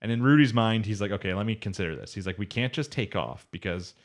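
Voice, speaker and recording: A man's voice: lowish voice, expressive, quick pace. A man co-hosting an anime podcast, recapping episodes in a loose, rambling way and quoting characters in his own voice. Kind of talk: casual chat.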